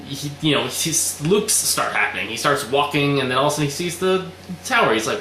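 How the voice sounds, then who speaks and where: A man's voice: mid-range voice, lively intonation, brisk, bright, forceful tone. A young man casually retelling a story in a loose, rambling way, swearing often and acting out the lines. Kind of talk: casual recap chat. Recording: roomy echoey room with faint noise.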